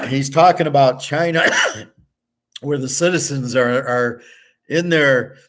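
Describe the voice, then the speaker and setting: Brief: male show host, middle pitch, venting and swearing in a casual monologue. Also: takes it slowly, a bit bright. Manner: profane, fed-up, reads his own comments aloud. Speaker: sports betting and gold commentary host.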